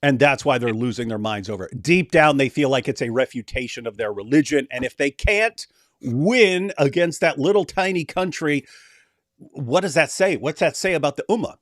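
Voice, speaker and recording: A man co-hosting a livestream, talking casually and mockingly, sometimes putting on shrill whining voices. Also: animated, moderate pace, fairly bright tone, no echo, studio quality. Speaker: livestream co-host.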